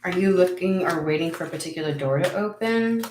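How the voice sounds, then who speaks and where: A lower-voiced woman talks her way through a casual tarot reading in a frank, chatty manner, swearing freely and laughing at herself. Her voice bounces around a roomy space, with a faint hiss behind it. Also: brisk. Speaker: tarot reader and channel host. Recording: echoey room with faint noise.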